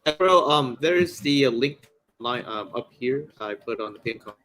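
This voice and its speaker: A man hosting a podcast in a relaxed, hesitant way, passing on messages from the chat. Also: mid-range voice, normal speed, poor audio. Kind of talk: casual chat.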